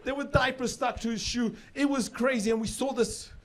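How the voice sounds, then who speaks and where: South African comedian with high voice. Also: male voice, fairly even intonation, normal speed, some chatter behind. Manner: chatty, repeats words when building jokes. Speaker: stand-up comedian. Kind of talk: stand-up comedy set. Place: comedy club stage with live audience. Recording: live set with audience laughter.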